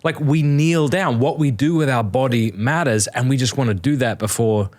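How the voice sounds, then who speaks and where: A man's voice: medium pitch, normal speed, darkish tone. Male host, casual conversation, earnest and thoughtful. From Australia. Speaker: podcast host.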